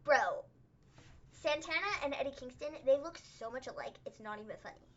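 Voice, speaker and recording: A woman co-hosting a casual livestream recap, chatty and excitable, peppering her talk with "like". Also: high-pitched, a little fast, muffled recording, slight background noise. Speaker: co-host.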